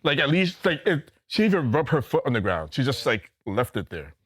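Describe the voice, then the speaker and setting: A man's voice: medium pitch, very animated, a little fast, a bit bright, slightly rough. A young man co-hosting a podcast, chatting casually with a lot of "like". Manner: grossed-out, lots of "like". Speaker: podcast co-host. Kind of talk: casual chat.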